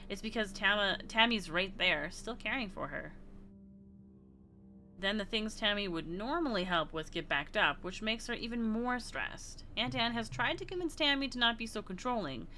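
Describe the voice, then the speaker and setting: Casual woman streamer reading a game out loud and reacting playfully, crisp bright voice. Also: mid-range voice, slight background noise. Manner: reads game text aloud and reacts with playful laughs and gasps.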